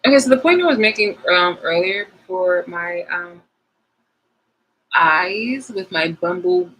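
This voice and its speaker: Low-voiced woman rambling to her viewers. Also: animated, a little slow, fairly bright tone, a little hiss or hum, low-quality recording. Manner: rambling, frank, swears freely. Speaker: vlogger. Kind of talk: casual chat to viewers.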